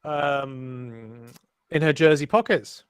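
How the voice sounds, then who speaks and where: A man's voice: mid-range voice, slow pace, smooth, dry recording, clean studio sound. A man hosting a live race stream, commentating with cheeky, swearing banter.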